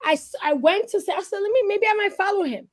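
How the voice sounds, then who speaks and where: A woman co-hosting a casual talk radio show, chatting and telling stories in an animated way. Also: very high voice, fast talker. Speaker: co-host.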